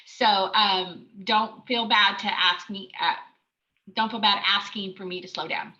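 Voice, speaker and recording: A woman giving a webinar training on escrow and title, talking quickly and excitedly with many ums and uhs. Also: medium pitch. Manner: fast, excited talk with many fillers. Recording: slightly dull lo-fi webinar audio.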